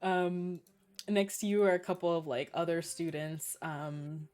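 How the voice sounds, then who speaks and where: Woman game master, lower pitch, halting narration, faint music behind. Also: steady tone, darkish tone. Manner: hesitant, many fillers.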